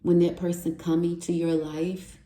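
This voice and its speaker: A woman's voice: on the low side, little pitch movement, normal speed, dark tone. A woman giving a tarot reading, heartfelt and encouraging, repeating affirmations over and over. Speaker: tarot reader. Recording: roomy echo.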